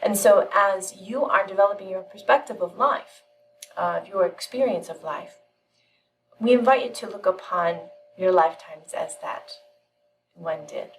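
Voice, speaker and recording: A woman giving a channeled spiritual teaching, telling a parable in a calm, measured way with frequent pauses. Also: medium pitch, far from the mic, faint music behind, poor audio.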